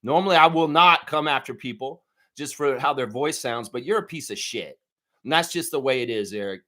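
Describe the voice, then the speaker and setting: A man's voice: mid-range voice, fairly quick, sharp tone. A man hosting a live fan preview show, talking in a heated, profane ranting way. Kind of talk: live sports preview chat.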